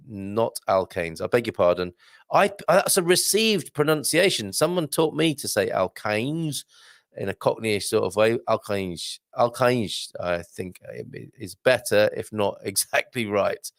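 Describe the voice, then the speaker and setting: A man hosting a live stream, chatting and reading out viewer comments with lively exclamations. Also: lowish voice, gravelly, no echo, clean studio sound. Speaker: host.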